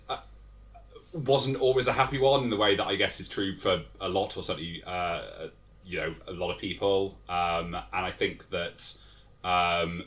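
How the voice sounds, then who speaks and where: A man's voice: sits low, fairly bright tone. A young man, a game designer, talking as an interview guest in a thoughtful, hesitant way with many fillers and restarts. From England. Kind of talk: casual interview chat.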